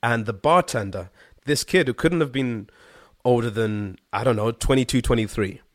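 A man from Zimbabwe, a guest singer-songwriter, telling a story in casual chat, animated and slangy, with frequent swearing and fillers. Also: medium pitch, normal speed, no echo, clean studio sound.

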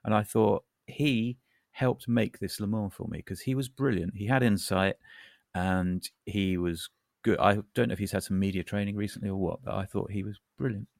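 A man's voice: lowish voice, moderate pace, gravelly, darkish tone, no echo, studio quality. A man co-hosting a casual podcast chat, talking in a wry, rambling, self-deprecating way. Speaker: podcast co-host.

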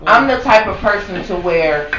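A man co-hosting a podcast in casual chat, profane and animated, ranting with lots of swearing. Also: high voice, normal speed, recorded from a distance, crowd noise. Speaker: podcast co-host. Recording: echoey, dull, from off-mic with faint background noise.

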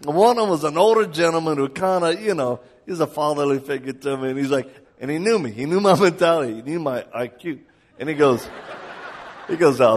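A man's voice: a little high, a little fast, a little hiss or hum. A man preaching a live sermon, telling a story animatedly, acting out the people he quotes and laughing along.

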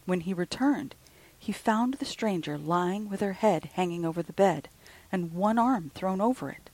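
A woman hosting a podcast, reading a ghost story aloud in a slow, hushed way. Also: lowish voice, expressive, rough recording. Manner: slow, breathy, with soft hushed passages.

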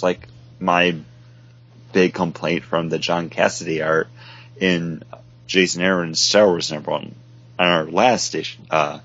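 A man's voice: deep voice, fairly bright tone. A man co-hosting a podcast, talking casually and animatedly about comic books, sometimes acting out short quotes. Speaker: podcast co-host. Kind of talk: casual comic book discussion. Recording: dull lo-fi podcast audio.

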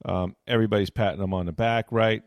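A man hosting a sports talk show, telling a lively anecdote and slipping into impressions of other people. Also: lowish voice, fast, no echo, clean studio sound. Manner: animated anecdote teller, mimics others' voices. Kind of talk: casual storytelling chat.

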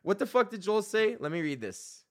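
Male podcast host, profane comic ranter, bright, somewhat high voice, bursts into loud bits. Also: big pitch swings, moderate pace. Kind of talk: profane comedic rant.

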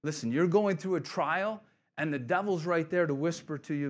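A man's voice: fairly high pitch, moderate pace. Conversational male pastor preaching. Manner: conversational, asks congregation "right?" often; encouraging, repeats key phrases. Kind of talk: sermon.

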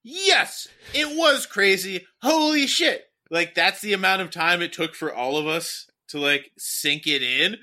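A young man in his twenties chatting casually, loose and profane, and excitable when telling a story. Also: sits high, unhurried, few pauses. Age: young adult.

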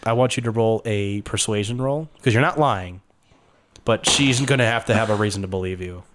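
A man's voice: on the low side, fairly quick, background noise. A man running a tabletop game as game master, joking and swearing casually. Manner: loose, joking, profane.

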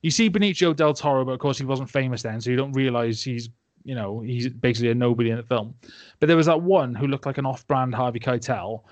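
A man's voice: medium pitch, fast talker, no echo, muffled recording. A young man in a casual film-review chat, rambling and sarcastic, often laughing and putting on silly voices. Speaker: podcast host.

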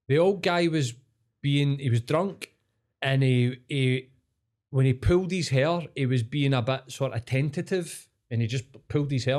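A Scottish man, a podcast co-host, telling a story in casual chat, swearing freely and getting animated. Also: medium pitch.

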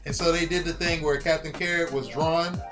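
A man in casual chat, telling a story in an animated, profane way and acting out quotes. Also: on the high side, fairly quick, over music.

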